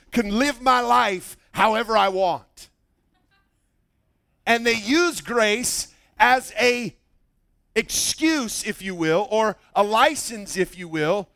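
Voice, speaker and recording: A man preaching a sermon, telling a story with lively acted-out quotes. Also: extremely high pitch, creaky, dry recording. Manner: animated storytelling, acts out quoted voices. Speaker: pastor.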